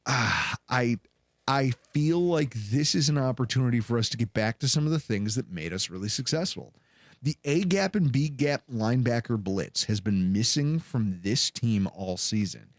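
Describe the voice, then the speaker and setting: A man in his thirties hosting a sports podcast, telling a story with lively acted-out voices. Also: mid-range voice, moderate pace, no echo, studio quality. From Buffalo, New York area. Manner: animated, acts out voices in anecdotes. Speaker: podcast host.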